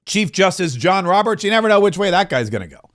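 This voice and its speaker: Male political podcast host, high-pitched, sarcastic and mocking, loose unscripted delivery. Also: very animated, quick pace, fairly bright tone. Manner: sarcastic, mocking asides and quips; loose, restarts mid-sentence. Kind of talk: opinionated political commentary.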